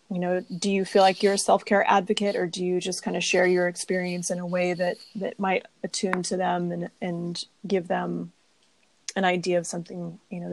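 Soft-spoken woman with a gravelly voice. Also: lowish voice, a little hiss or hum. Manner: soft-spoken, rambling questions with many fillers. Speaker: podcast host. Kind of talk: casual podcast interview.

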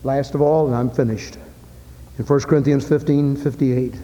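A man preaching a sermon with impassioned delivery, building to loud climaxes. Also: medium pitch, steady tone, moderate pace, highs cut off. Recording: echoey hall with faint ambience.

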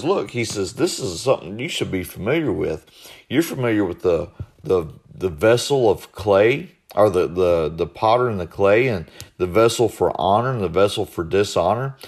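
A man's voice: fairly low pitch, a little mellow. A male pastor preaching verse by verse, with many fillers and repeated words, rising when he voices God. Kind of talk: verse-by-verse sermon.

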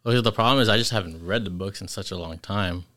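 Deep-voiced young man, bright and hesitant. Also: fast. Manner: hesitant, mumbling, laid-back. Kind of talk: casual chat.

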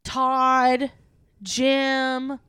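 A woman's voice: sits high, very slow, clear, resonant tone, no room sound, studio quality. A young woman co-hosting a comedy podcast in casual chat, swearing freely and acting out quotes. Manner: swearing, animated, acts out quotes. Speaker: podcast co-host.

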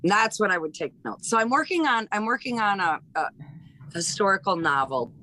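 Speaking briskly at medium pitch, this Hawaiian woman in her fifties, a stand-up comic, animatedly tells family stories in a relaxed interview with many restarts. The low-quality recording carries a little hiss or hum.

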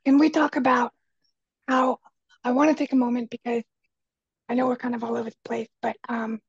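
A woman with a quiet, raspy voice, talking earnestly as a guest on an interview, stressing key phrases by repeating them. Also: fairly high pitch, level tone, brisk, no room sound, muffled recording. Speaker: podcast guest, speaker and kitchen coach. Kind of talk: casual conversation.

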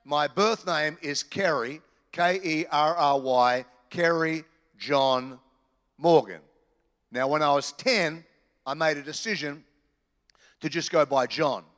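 A man preaching a sermon in church, animated and joking with the congregation. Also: a little high, takes it slowly, long reverb tail. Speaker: pastor. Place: church hall.

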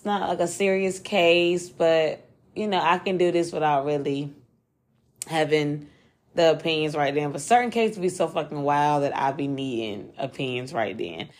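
Fast-talking slangy woman podcast host. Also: on the low side. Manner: fast, loose and slangy, swears freely. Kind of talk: casual solo podcast chat.

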